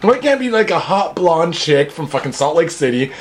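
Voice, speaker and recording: Casting: high-pitched male podcast co-host, crude rambling storyteller, faint hiss behind. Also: big pitch swings, fairly quick. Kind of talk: casual profane banter.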